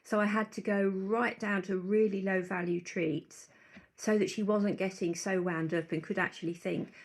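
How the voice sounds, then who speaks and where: A woman's voice: medium pitch, steady tone, moderate pace. Earnest woman explaining dog training. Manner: earnest explainer, thinks aloud with restarts. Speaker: guest dog behaviourist. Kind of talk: conversational interview answers.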